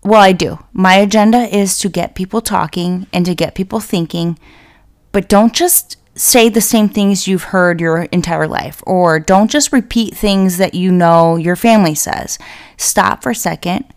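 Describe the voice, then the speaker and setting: Casting: young woman, podcast host, gravelly fry in the voice, profane, heated, rant-style delivery. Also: medium pitch, unhurried. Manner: blunt, profane, fired-up venting. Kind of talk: casual ranting monologue.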